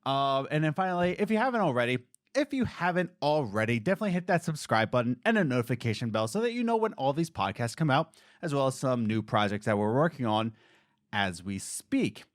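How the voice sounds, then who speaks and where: Animated male podcast host, very expressive pitch. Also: no room sound, clean studio sound. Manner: animated, jokey, quick voice changes. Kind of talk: casual chat.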